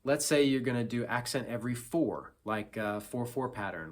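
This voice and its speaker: A lowish male voice walks through a guitar lesson, easygoing and a little self-mocking, counting beats out loud. Acoustic guitar playing is clearly heard behind him. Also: a little fast, few pauses. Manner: relaxed and self-deprecating, with frequent fillers and counting aloud. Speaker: guitar teacher. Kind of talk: casual instructional talk.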